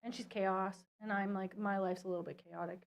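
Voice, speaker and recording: A woman's voice: medium pitch, steady tone, brisk, creaky. A woman co-hosting a podcast, asking the questions in an upbeat, agreeable way. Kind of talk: casual chat, asking questions.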